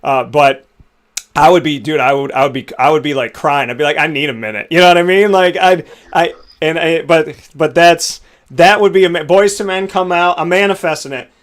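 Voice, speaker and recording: A young man hosting a casual interview, telling stories in an animated, emotional way. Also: a little high, normal speed. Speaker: podcast host.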